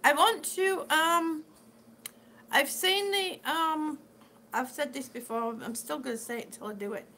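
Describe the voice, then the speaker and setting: Woman live-streamer: high, bright, unhurried, affectionate chatter, with faint room noise behind her. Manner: chatty and affectionate, calls viewers sweetie. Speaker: vlogger reading live chat. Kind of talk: casual live-stream chat.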